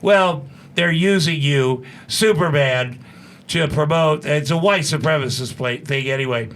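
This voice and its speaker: Studio guest, male, 60s, higher-pitched, profane and animated storyteller. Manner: profane, animated, fast-talking storyteller who acts out quotes. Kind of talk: casual storytelling.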